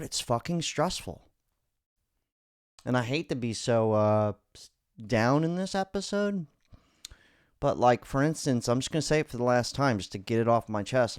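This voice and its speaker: A podcast host talks bluntly and swears freely. His pitch rises and falls a lot as he swings between loud and quiet. The sound is dry and close. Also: clean tone, no echo. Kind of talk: casual podcast commentary.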